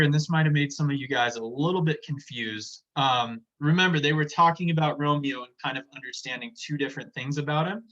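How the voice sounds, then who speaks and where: Man, teacher, casual lecture, chatty explainer, slightly high voice, dull lo-fi recording. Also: sharp tone. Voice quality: chatty, explanatory, paraphrases in plain words.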